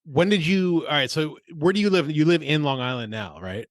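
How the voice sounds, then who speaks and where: A man's voice: a little high, a little fast, dry recording. A man hosting a podcast, chatting casually in an easygoing, self-deprecating way. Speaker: podcast host.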